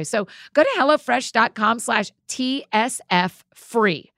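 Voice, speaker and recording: A woman's voice: fairly high pitch, animated, unhurried, hardly any pauses, a bit bright, no echo. A woman podcast host chatting casually and reading ads in an upbeat, enthusiastic way in a studio. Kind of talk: casual chat and read ads.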